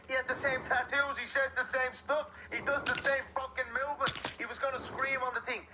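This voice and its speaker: A man's voice: very high-pitched, brisk. A man, a professional fighter, being interviewed. He talks bluntly, swears freely and repeats words when he gets heated. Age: adult with young children. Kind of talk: candid interview talk. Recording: interview clip with steady background noise.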